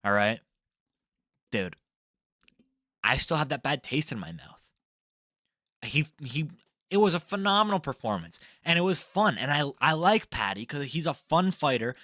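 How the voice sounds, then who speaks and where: Young guy, bright voice, rambly and sweary, going over fight picks, dead dry sound. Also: on the high side, no room sound. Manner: rambling, profane, laughs at himself. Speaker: MMA prediction vlogger. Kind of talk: casual fight breakdown.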